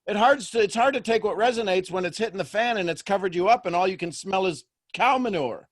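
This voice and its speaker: High-voiced man coaching with rapid questions. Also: lively intonation. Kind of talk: coaching call.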